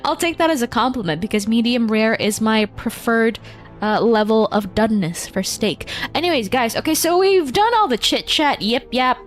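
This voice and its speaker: Playful high-voiced woman streamer. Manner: playful, giggly, switches between languages. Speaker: VTuber streamer. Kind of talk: casual live-stream chat.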